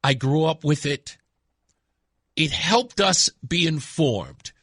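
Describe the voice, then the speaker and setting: Bright, emphatic male talk radio host. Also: a little high, expressive, takes it slowly, breathy edge, no echo, clean studio sound. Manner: emphatic, repeats key words for effect. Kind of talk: radio talk show monologue.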